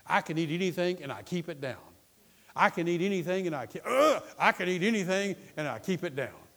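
A man's voice: fairly high pitch, expressive, moderate pace, natural voice. A man voicing a minister in a retold story who firmly repeats his instructions. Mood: insistent. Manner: insistent, repetitive commands. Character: firm older male minister giving instructions.

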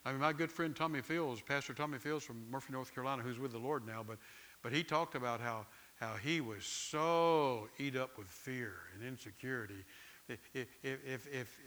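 A middle-aged pastor, preaching in a conversational, storytelling way and often repeating words. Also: male voice, medium pitch, normal speed, a bit bright. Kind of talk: sermon.

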